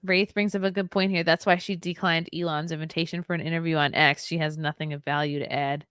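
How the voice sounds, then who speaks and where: A woman's voice: sits low, flat delivery, fast, fairly bright tone, smooth, no echo, studio quality. A woman hosting a casual chat show, laughing often and swearing freely. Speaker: podcast host.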